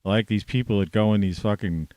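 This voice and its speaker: A man ranting to camera in a rambling, profane monologue, scornful and swearing constantly, with sudden loud outbursts. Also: lowish voice, a little fast, no echo. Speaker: vlogger.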